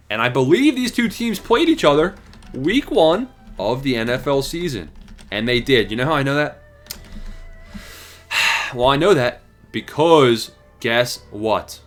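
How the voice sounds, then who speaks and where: A man's voice: medium pitch, a bit bright. Hyped young man calling football picks. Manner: hyped, slangy, talks to viewers as "boys" and "bro". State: out of breath. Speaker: sports predictions host. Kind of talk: casual sports betting talk.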